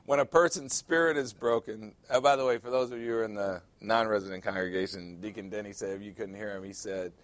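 A man preaching a conversational sermon as pastor, candid and confiding, often dropping into quiet asides. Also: on the low side, fast, few pauses, dry recording.

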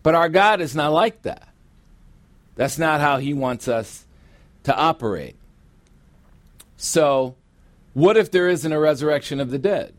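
A middle-aged man preaching a sermon as pastor, with emphatic, drawn-out stresses. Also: fairly high pitch, expressive, no echo. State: sweating, warm from preaching. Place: church sanctuary.

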